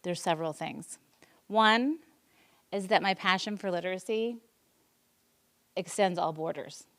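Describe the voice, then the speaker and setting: A woman's voice: on the low side, unhurried, a bit bright. A woman in her forties, a teacher, giving an emotional personal presentation at a school board meeting, earnest, with many ums and restarts. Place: public meeting room.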